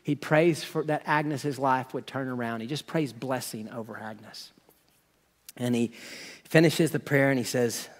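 Animated folksy preacher telling a story. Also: male voice, mid-range voice, moderate pace, in a large hall. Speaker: pastor. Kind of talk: sermon storytelling.

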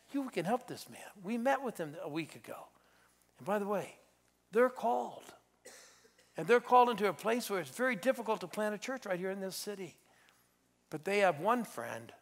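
Male preacher, middle-aged, sermon, fairly high voice, loud exhortation, hushed intensity. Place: church sanctuary.

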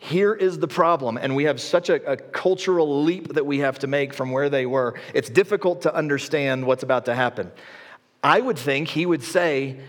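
A male pastor preaching a sermon in a conversational, animated storytelling way. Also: on the high side, normal speed. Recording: long hall reverb.

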